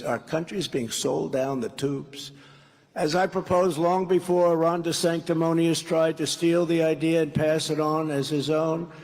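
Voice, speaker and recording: A man's voice: fairly high pitch, darkish tone. A man giving a rambling, off-script campaign speech at a large rally, acting out dialogue as he goes. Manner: rambling, repetitive, acts out dialogue. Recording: long reverb of a big hall.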